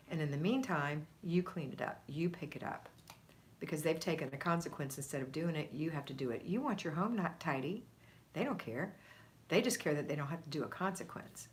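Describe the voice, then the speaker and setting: A middle-aged woman with a drawl talks warmly and firmly to viewers on a live stream, like a motherly home coach. Her voice sits a little low, with a faint hiss of background noise. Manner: chatty, motherly, firm encouraging pep talk.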